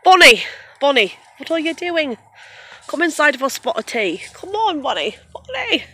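A woman's voice: high voice, sing-song, moderate pace, pushed and bright, voice pushed up, exaggerated voice. A woman putting on a playful mock British accent to call her dog on a phone vlog. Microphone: phone camera.

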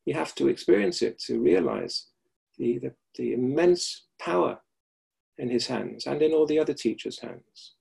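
A middle-aged man with a gravelly, slightly husky voice teaches over a video call. He speaks reflectively and often repeats a key phrase for emphasis. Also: medium pitch, expressive, moderate pace, darkish tone. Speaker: Alexander Technique teacher. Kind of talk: webinar lecture with anecdotes.

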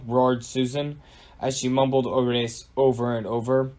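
A man narrating an audio storybook in a plain, even storytelling manner. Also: medium pitch, a little slow.

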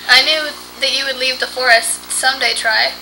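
A woman playing a gentle young forest girl. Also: sits high, steady tone, moderate pace, slight background noise, full character voice, rough recording. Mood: tender. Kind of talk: amateur game dub.

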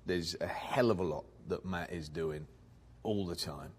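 A man's voice: low-pitched, a little slow, breathy edge. A man, chatting playfully as an actor guest in an interview and often repeating words as he starts a thought. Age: 40s. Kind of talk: casual interview chat.

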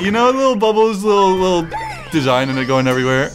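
A man giving excitable, joking let's-play commentary, swearing often and talking to the game as he plays. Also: sits high, fast. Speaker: gaming streamer. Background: game music.

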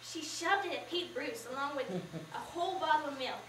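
A teenage girl performing a memorized story in the first person, with expressive, measured narration, in a school auditorium. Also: high-pitched. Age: teens. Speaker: student performer. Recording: echoey room, from far off, faint noise.

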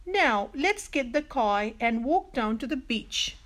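Lady reading a patient storybook mum, soft and kind, kinda slow. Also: a little high, animated. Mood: gentle. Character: calm loving mother keeping a secret.

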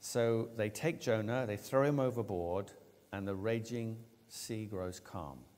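A man preaching a sermon, retelling a story with lively, acted-out voices for the characters. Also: fairly low pitch, a little slow. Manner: animated storytelling, acting out quoted lines. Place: church. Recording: long church reverb.

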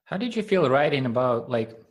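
Man asking a halting interview question. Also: medium pitch, big pitch swings. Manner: halting, searching for words. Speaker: interviewer, podcast host.

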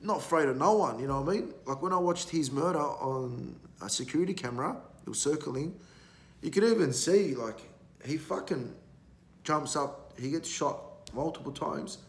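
Gravelly man, blunt and profane. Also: fairly high pitch, expressive, normal speed. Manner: blunt, heavily profane, rambling. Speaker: podcast guest. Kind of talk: casual storytelling. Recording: roomy echo, faint background noise.

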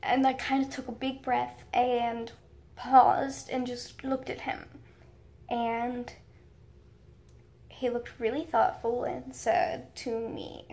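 A young woman chats through a casual storytime vlog, rambling on in a fairly high voice. Her tone stays flat and even, with a gravelly fry running under her words. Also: measured pace. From United States. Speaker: vlogger.

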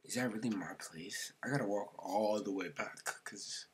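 A man's voice: fairly low pitch, moderate pace, breathy edge. A man narrating his gameplay casually, slangy and chatty, often muttering or whispering to himself. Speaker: gaming video creator.

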